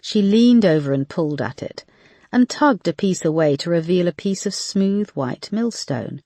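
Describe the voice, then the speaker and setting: A measured audiobook narrator, reading a crime thriller in a steady, even storytelling voice. The recording is close and dry, with no room around it. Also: medium pitch, dry recording. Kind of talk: scripted narration.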